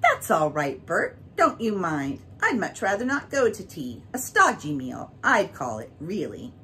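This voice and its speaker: A woman voicing a prim, proper young nanny with a bright, ladylike manner. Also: on the low side, wildly swooping pitch, measured pace, slight background noise, exaggerated voice. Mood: gracious.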